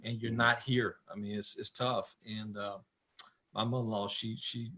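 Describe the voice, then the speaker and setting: Halting, earnest man in conversation. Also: lowish voice, flat delivery, bright, forceful tone. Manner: halting, repeats words while searching for thoughts. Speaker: football coach, interview guest. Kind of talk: candid conversation about marriage.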